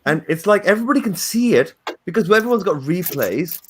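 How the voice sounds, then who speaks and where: A man's voice: high-pitched, expressive, fairly quick, slight background noise. A man co-hosting a football podcast, building an indignant point. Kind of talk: football talk.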